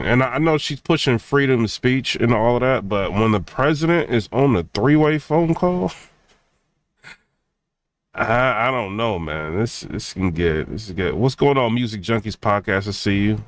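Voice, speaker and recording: A man's voice: mid-range voice, animated, moderate pace, no echo. A man reacting to a clip in casual, slangy commentary. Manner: slangy, laid-back interjections. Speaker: reaction streamer.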